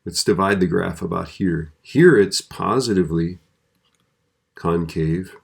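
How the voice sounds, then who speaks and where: A man's voice: deep voice, gravelly, husky. A man teaching a physics video lesson in a conversational way, often checking in with the listener.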